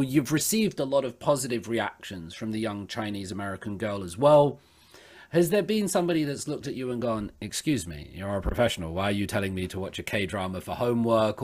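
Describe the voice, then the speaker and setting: A man's voice: medium pitch, a little mellow. A man hosting a casual interview, with frequent stammering restarts as he asks his questions. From United Kingdom. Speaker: host.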